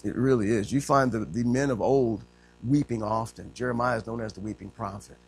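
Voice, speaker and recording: A man preaching a sermon in a conversational way. He often says amen and voices quotes by pitching up. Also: a little fast, a little mellow. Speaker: pastor.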